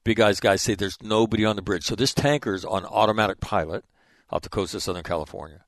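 Older male ex-officer, low voice, dry recording, rambling storyteller who keeps checking in with "right?". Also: steady tone, fast talker, no echo. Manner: rambling, profane, with frequent "right?" asides. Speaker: former Marine officer telling a story. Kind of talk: casual storytelling.

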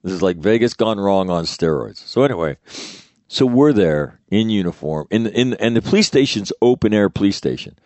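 A man's voice: fairly low pitch, expressive, moderate pace, darkish tone, no room sound. A middle-aged man, a former Marine officer, telling a rambling, profane war story with many fillers and restarts. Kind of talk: casual storytelling.

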